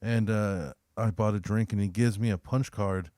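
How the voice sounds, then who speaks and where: A young man co-hosting a podcast, telling a story in a casual, profane, animated way and acting out the other people's lines. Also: fairly low pitch, normal speed, no echo, studio quality. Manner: profane, animated storyteller who acts out quotes. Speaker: podcast co-host.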